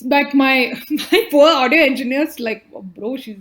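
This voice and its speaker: A woman guest on a podcast, telling stories in casual conversation, animated and peppered with "like". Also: high-pitched, a little slow. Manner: animated storyteller, frequent "like" fillers.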